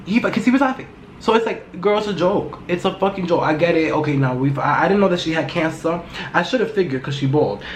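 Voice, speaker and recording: A loud, blunt woman talks straight into her podcast mic, gossiping and swearing freely in casual chat. Her voice rings around a bare, echoey room, and a faint hum of background noise sits beneath it. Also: lowish voice, animated, fast. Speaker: podcast host.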